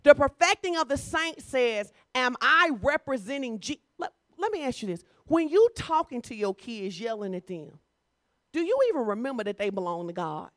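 A woman's voice: fairly high pitch, sing-song, moderate pace, a bit bright, no echo, clean studio sound. A woman pastor preaching a sermon in a conversational, teasing way.

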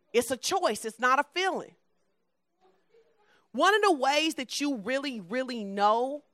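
Woman preacher, conversational sermon; bright, forceful tone, emphatic delivery that drops to a soft low voice. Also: no echo.

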